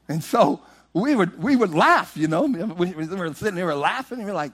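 A man preaching a sermon, animated and rhythmic, moving from loud, half-sung exclamations to hushed storytelling. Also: high voice, moderate pace, husky.

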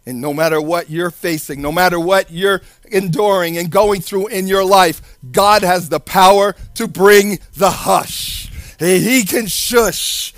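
A man's voice: high-pitched, fairly even intonation, takes it slowly, a bit bright, dry recording. A man preaching a sermon in a sing-song cadence, acting out the voices in the story he tells.

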